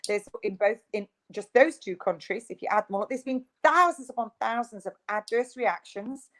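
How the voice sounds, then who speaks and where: A woman's voice: a little high, normal speed, a bit bright, low-quality recording. A woman, a guest in an interview, speaking in an emphatic, insistent, ranting way. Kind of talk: video interview.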